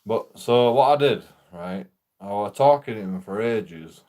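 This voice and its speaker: A man's voice: on the low side, expressive, measured pace, dark tone. A man casually telling a rambling, profane story while streaming a game, laughing often.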